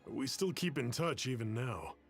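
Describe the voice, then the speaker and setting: A man's voice: mid-range voice, big pitch swings, moderate pace, vocal fry. A man voicing a reserved young man in a video game, dry and guarded. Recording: game audio with faint music.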